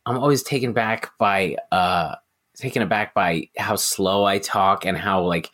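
A man's voice: lowish voice, a little slow, a bit bright. A man co-hosting a comedy podcast, talking in a hesitant, meandering way. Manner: hesitant, restarts often, meandering. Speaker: podcast co-host. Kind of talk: casual comedic chat.

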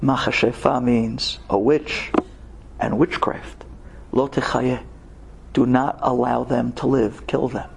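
A man telling a story in an animated sermon style, dramatic and acting out the people he quotes in raised voices. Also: mid-range voice, gravelly, a little hiss or hum. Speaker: religious storyteller.

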